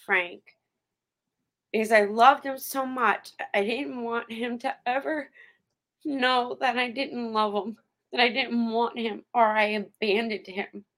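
A woman speaks slowly and earnestly, her high voice catching in a gravelly fry. She takes her time over each thought. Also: fairly even intonation, a bit bright. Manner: earnest, heartfelt. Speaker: guest. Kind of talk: emotional personal account.

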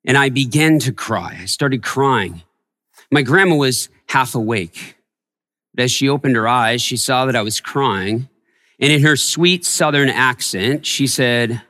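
Male pastor, sermon, slow storytelling delivery, long church reverb. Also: medium pitch. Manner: storytelling, softening to a hush in tender moments. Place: church sanctuary.

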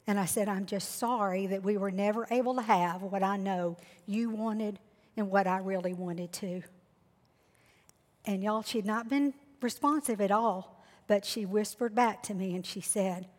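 A woman's voice: mid-range voice, unhurried. Earnest woman telling her testimony. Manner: earnest, heartfelt storytelling. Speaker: guest sharing testimony. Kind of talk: emotional faith testimony. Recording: long hall reverb.

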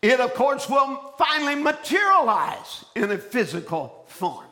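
A man delivering a fiery sermon in a very high, bright, forceful voice. He shouts his points, breaks into call-and-response with the congregation, and often restarts and repeats phrases as he builds. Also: big pitch swings, measured pace. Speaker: preacher.

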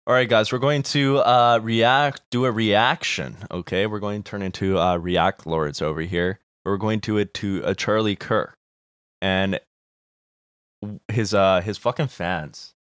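Deep-voiced laid-back man, dry sound. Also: fairly even intonation, measured pace, fairly bright tone, smooth, no echo. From Canada. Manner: laid-back, swears freely, hedging. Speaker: podcast co-host. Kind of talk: casual chat.

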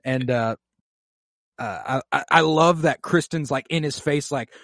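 Excited man with a dry, close sound. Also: fairly high pitch, a little slow, dry recording. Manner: excited, profane, animated retelling. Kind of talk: casual show recap chat.

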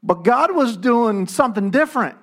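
High-voiced male preacher. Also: animated, moderate pace. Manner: conversational preaching with acted-out quotes. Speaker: pastor. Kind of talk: sermon.

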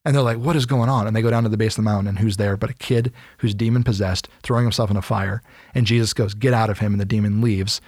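A man's voice: lowish voice, fast talker, no room sound, studio quality. Man animatedly explaining Bible stories. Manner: animated storytelling, acts out quotes. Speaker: podcast co-host. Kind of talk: casual Bible teaching chat.

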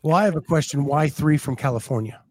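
A man's voice: a little high, quick pace, a little mellow, slight background noise. A man co-hosting a casual podcast, chatting in a laid-back way and reading out viewer comments. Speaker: podcast co-host. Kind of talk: casual chat.

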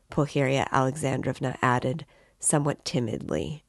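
A woman reading a novel aloud as narrator, in a measured, steady way. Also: low-pitched, no echo, studio quality. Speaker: reader.

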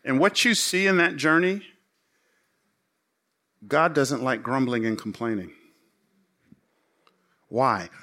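A middle-aged man, a pastor, preaching a sermon in an animated, joking way. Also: mid-range voice, takes it slowly, pauses often.

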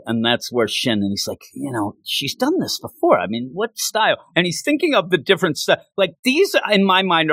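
Man, comic book reviewer, animated retelling, lively swooping pitch, dry close sound. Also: no room sound. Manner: animated, retells scenes with acted quotes; frequent fillers and restarts. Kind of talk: casual review chat.

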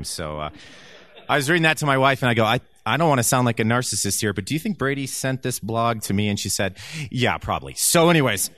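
A man of forty stands before a church group and tells his story in a candid, conversational way, with a wry, self-deprecating streak. His voice is bright and forceful. The sound is dry and close, with little room around it. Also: mid-range voice, no room sound. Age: 40s. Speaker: church elder giving a testimony. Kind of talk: personal testimony talk to a church group.

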